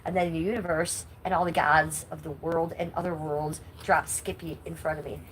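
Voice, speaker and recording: Blunt, lower-pitched middle-aged woman streamer. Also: level tone, moderate pace, slight background noise, low-quality recording. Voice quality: nasal. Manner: outspoken, blunt and indignant. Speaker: livestreamer. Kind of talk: live stream chat, reading comments.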